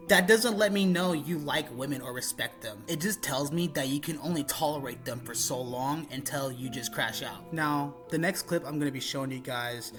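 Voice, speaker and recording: A man's voice: mid-range voice, a bit bright. A man narrating internet drama commentary in a blunt, profane, exasperated way.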